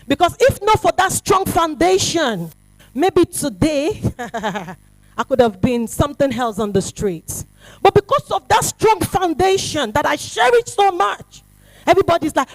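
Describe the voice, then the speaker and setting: A middle-aged woman, giving a fervent testimony to a youth retreat, swinging from hushed to shouting. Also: high voice, very animated, moderate pace, no room sound, low-quality recording. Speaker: prophetess speaking to a youth retreat. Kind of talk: impassioned testimony to a crowd.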